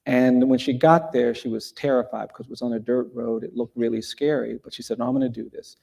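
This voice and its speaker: A man speaking as a guest at a live event, telling a story in a measured, deliberate way with pauses. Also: medium pitch, steady tone, gravelly, mellow. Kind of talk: earnest storytelling in a live conversation. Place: event hall before a live audience.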